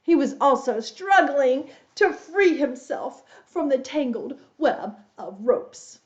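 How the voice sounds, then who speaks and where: Slow, animated woman teacher reading to kids. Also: dull audio. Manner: animated, adds roars and squeaks for the animals; explains words and quizzes young listeners. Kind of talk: reading a children's story aloud.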